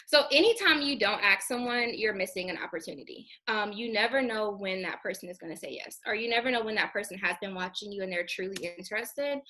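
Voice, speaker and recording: A young woman coaching her sales team in a chatty, high-energy way, her voice bright and keen, sitting a little above the usual female pitch. She talks straight to her listeners like friends. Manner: high-energy, chatty, says "girl" and "you guys" a lot. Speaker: network marketing team trainer. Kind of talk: casual training talk.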